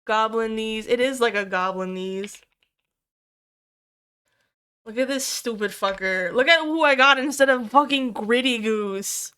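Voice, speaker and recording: Young woman streamer, casual chat with viewers, excitable and sweary, high voice, bright clear tone. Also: measured pace, pauses often. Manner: excitable, swears freely, squeals over cute things.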